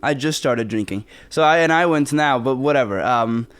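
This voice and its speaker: A young man in his twenties from the Bronx, New York, appears as an actor guest in a casual interview. His medium-pitched voice is smooth and a bit bright at a normal speed, and he rambles with plenty of fillers and restarts.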